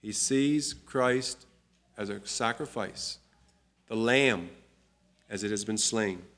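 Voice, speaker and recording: A man teaching a Bible study, unhurried and reading scripture aloud with emphasis. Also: on the low side, fairly bright tone.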